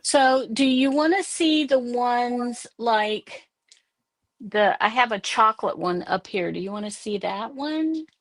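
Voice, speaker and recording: A woman's voice: fairly high pitch, lively intonation. A woman host rambling casually about her crafts and home life on a video call. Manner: rambling, unhurried storytelling. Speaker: podcast host. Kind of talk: casual chat.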